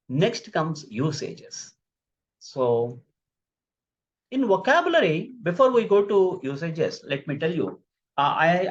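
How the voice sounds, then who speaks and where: A man teaching an online fluency lesson in an emphatic, expressive way. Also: a little high. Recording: slightly muffled lo-fi audio.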